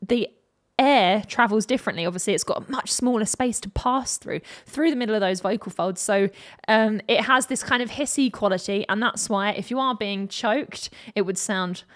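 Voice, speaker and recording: A woman's voice: medium pitch, normal speed. A woman, a vocal coach, analysing a song in a reaction video and demonstrating the sounds with her own voice.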